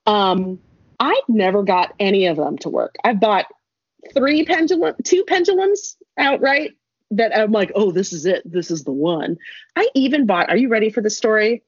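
A woman's voice: medium pitch, expressive, normal speed, slightly rough, no echo. A young woman telling a rambling story in casual chat, laughing and adding asides as she goes. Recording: dull lo-fi dry recording.

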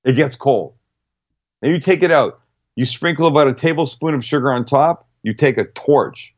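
A man's voice: medium pitch, moderate pace, highs cut off. A middle-aged man chatting casually on a radio show as a cooking guest, brash and profane, walking through recipes step by step.

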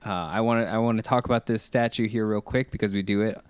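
Easygoing man with a smooth voice. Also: lowish voice, steady tone, fast. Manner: rambling, self-correcting, laughs often. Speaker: podcast co-host. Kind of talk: casual chat.

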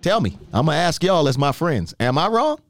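A man from New York hosting a podcast, telling a story in a casual chat with lively, emphatic questions. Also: on the high side, brisk, no echo, studio quality. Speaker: podcast host.

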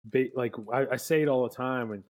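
A man from Pittsburgh co-hosting a casual podcast, talking in an emphatic, blunt way with quick restarts. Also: mid-range voice, darkish tone. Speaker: podcast co-host.

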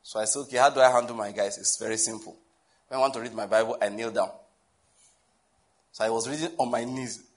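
A Nigerian pastor preaching a sermon in a conversational, humorous way, often asking the listeners questions. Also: male voice, medium pitch, fairly even intonation, fast talker, long pauses.

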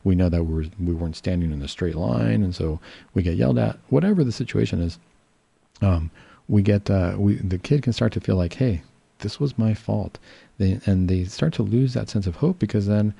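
A man speaking as a psychiatrist in a calm, reassuring, explanatory way. His voice is very dark and gravelly with a husky edge. The sound is dry and close. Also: lowish voice, moderate pace, no room sound. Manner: calm, reassuring, explains patiently with fillers and restarts. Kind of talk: casual educational talk.

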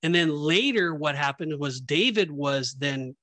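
Easygoing guy on a faith podcast, slightly high voice, explaining scripture, dry mic. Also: animated, measured pace, pushed and bright, no echo. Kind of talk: casual chat.

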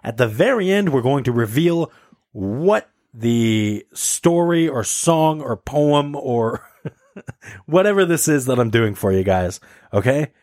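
A man hosting a casual group podcast, upbeat and animated as he runs a word game with friends. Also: mid-range voice, slow, no echo, clean studio sound. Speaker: podcast host.

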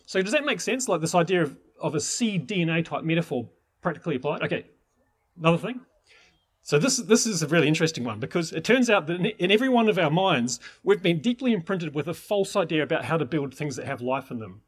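A man's voice: on the high side, lively intonation, fast talker, husky. A man teaching permaculture in an enthusiastic, rambling way, with many restarts. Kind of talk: informal teaching talk.

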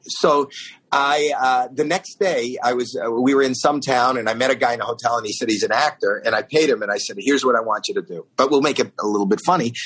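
A husky man spins a rambling, animated story in casual conversation. He jumps into high, shouted voices to act out the other people in it, then drops back to an easy, conversational tone. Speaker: guest telling a story. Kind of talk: casual anecdote.

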